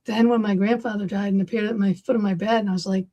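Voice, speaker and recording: Middle-aged woman, husky breathy voice, animated storyteller, podcast host. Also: mid-range voice, fast talker, lo-fi sound. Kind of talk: casual podcast conversation.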